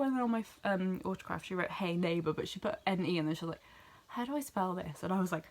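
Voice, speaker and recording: A young woman from near Bristol with a West Country English accent, chatting excitedly and rambling as she recaps an event in a vlog. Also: on the low side, quick pace, creaky. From England. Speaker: vlogger. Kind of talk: casual chat.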